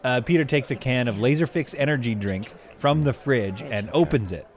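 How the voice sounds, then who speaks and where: A man's voice: medium pitch, normal speed. A man in casual chat who rambles and fills with "like," and who also reads sketch stage directions aloud. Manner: rambling, filler-heavy. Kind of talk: casual chat and reading a script.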